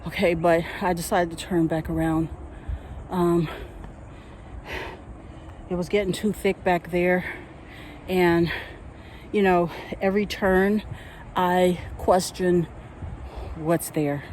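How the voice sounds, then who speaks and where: A woman's voice: on the low side, fairly even intonation, takes it slowly, pauses often, a little mellow, slight background noise, low-quality recording. A nervous woman filming herself on a wooded hiking trail on her phone, talking to herself and laughing anxiously. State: anxious, near panic. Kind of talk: self-filmed hiking vlog. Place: outdoors on a wooded nature trail. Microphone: phone held while walking.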